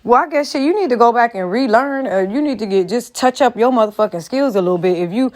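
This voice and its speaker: A woman's voice: a little high, expressive, fast talker, a little mellow. A woman in a casual commentary vlog, talking straight to her viewers in a profane, emphatic rant. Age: adult, a mother. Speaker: vlogger.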